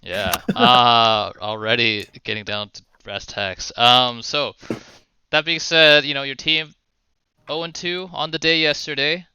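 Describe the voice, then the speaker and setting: A man hosting a casual online esports broadcast, lively and joking, often laughing as he interviews team captains. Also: medium pitch, measured pace, smooth, no echo, poor audio. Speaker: esports caster and host. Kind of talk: casual streamed esports commentary.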